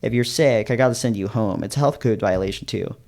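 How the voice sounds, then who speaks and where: A man doing a gentle, concerned café boss. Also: fairly low pitch, brisk, gravelly.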